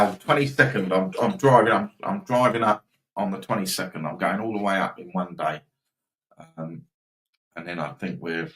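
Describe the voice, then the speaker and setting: A man's voice: low-pitched, pushed and bright, rough recording. A man hosting a live betting stream, rambling casually and reacting to football scores and viewers.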